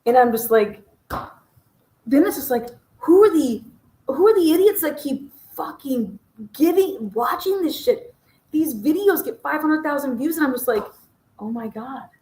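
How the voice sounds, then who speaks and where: A woman hosting a casual livestream, ranting in a profane, exasperated and sarcastic way, her voice slightly hoarse. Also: sits high, animated, normal speed, dark tone, reverberant, poor audio. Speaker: true crime livestream host.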